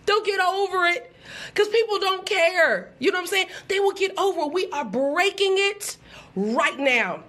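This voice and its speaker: High-voiced emphatic woman live-streaming. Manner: emphatic and animated, with quick laughs and mock-quoted voices. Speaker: motivational speaker hosting a live stream. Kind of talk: live-stream pep talk.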